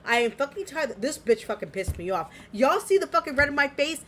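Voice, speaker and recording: A woman's voice: high-pitched, very animated, fairly quick, few pauses, fairly bright tone, a little hiss or hum. A woman co-hosting a podcast, ranting in a heated, heavily profane way. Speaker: podcast co-host.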